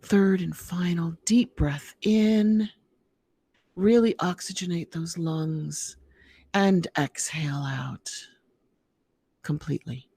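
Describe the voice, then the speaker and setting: A woman hosting an online show, guiding a slow, soothing meditation with a slight frog in her throat. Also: fairly low pitch, mellow, slightly rough, dry recording. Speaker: host. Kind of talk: guided meditation and casual chat.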